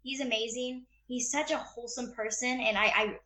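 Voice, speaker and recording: A woman's voice: a little high, fairly even intonation, normal speed, bright, forceful tone. A woman interviewed about her acting work, talking in a bubbly, gushing way with lots of fillers. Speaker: actress being interviewed. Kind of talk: casual interview chat.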